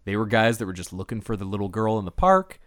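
Lowish-voiced man chatting casually about a film. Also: dry recording, clean studio sound. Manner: animated, acts out characters' lines with playful high-pitched impressions; halting, restarts sentences. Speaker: podcast co-host.

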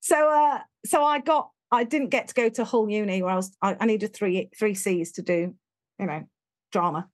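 A woman's voice: medium pitch, normal speed. A middle-aged English woman, a guest in an interview, telling her life story frankly and animatedly, acting out the people she quotes.

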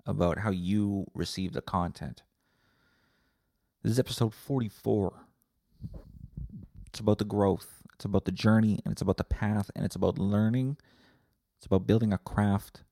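Gravelly, sarcastic man ranting solo. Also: fairly low pitch, dark tone, no room sound, clean studio sound. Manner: sarcastic, profane, self-interrupting. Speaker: podcast host. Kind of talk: solo rambling podcast rant.

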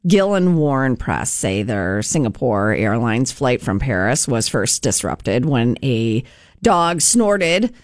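A man's voice: mid-range voice, sing-song, slow pace, no echo, clean studio sound. A man hosting a casual talk show, reading a news item aloud and chatting about it. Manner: chatty, reads news items then riffs. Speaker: radio show host reading news stories.

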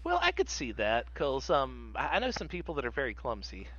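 Man from Georgia, bright voice, jokey podcast chat, dull lo-fi mic. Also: medium pitch, wildly swooping pitch, a little fast, no room sound. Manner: jokey, chimes in with quips and silly voices. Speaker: podcast co-host. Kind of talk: casual chat.

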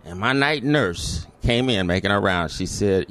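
Animated middle-aged man telling a story. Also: on the low side, unhurried. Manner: animated storyteller acting out voices. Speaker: interview guest. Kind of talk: storytelling in an interview.

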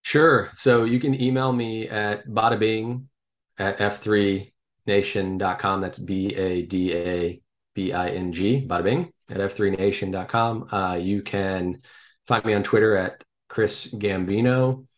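Low-voiced male podcast guest. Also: steady tone, a little slow. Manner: thoughtful, hesitant with fillers. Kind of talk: casual interview.

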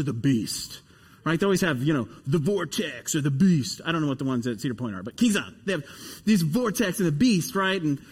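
A man preaching a sermon, telling a story with animated, emphatic repetition before leading a prayer. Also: high voice, breathy edge, long reverb tail. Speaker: pastor.

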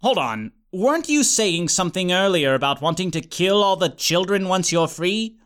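Man doing a dim, easygoing would-be professor, offhand rambling talk, high voice. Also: lively intonation, moderate pace, a bit bright. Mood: puzzled. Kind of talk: audiobook character voice.

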